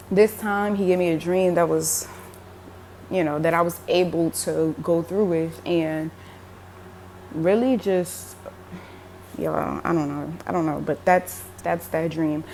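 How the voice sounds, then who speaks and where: A woman's voice: lowish voice, steady tone, measured pace, long pauses, a little mellow, slight background noise. A young woman telling a religious dream in a casual, emotional way, with many fillers like "like" and "um". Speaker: religious vlogger. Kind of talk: casual spoken dream testimony.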